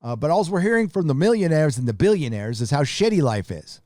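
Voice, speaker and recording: A man hosting a live stream, ranting bluntly and profanely in a casual, halting way. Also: a little high, sing-song, darkish tone, no room sound, clean studio sound. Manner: casual, with restarts.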